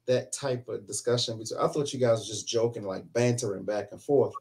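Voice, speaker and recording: A man chatting as a guest, explaining his view in a measured way. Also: mid-range voice, gravelly, a little mellow. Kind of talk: casual opinion chat.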